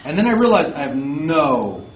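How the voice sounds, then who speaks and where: A man's voice: on the high side, big pitch swings, moderate pace, loud music behind the voice. A man, a musician guest at a convention panel, telling a casual story to a live audience, laughing often and swearing freely. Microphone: phone recording from the audience. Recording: echoey muffled phone recording with room noise.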